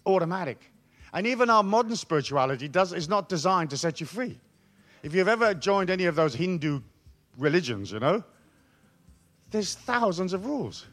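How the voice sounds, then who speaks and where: A man's voice: high voice, fairly bright tone. A man raised in Africa giving a comic, profane, ranting spiritual talk to an audience. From raised in Africa, born in England. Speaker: speaker addressing an audience.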